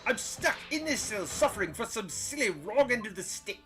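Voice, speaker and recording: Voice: medium pitch, very animated, normal speed, sharp tone, faint music behind, pitched above the performer's own voice. A player reading aloud from a mystery game, voicing a melodramatic young man who is sure he is cursed and wails about it in a theatrical way. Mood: aggrieved. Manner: theatrical, wailing.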